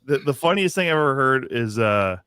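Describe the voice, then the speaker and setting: A man rants in loose, profane chat, his voice mid-pitched and close to the mic. The sound is dry and direct, with no room around it. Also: expressive, a little fast, a bit bright, smooth, no echo. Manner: ranting, heavy swearing. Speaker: podcast co-host. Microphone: video call.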